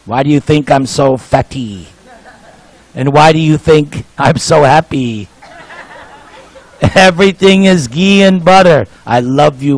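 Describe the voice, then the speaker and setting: Older male preacher, jokey storyteller, highish voice, unhurried. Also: dry recording, poor audio. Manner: jovial, joking storyteller. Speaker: speaker at a temple program. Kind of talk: sermon with anecdotes.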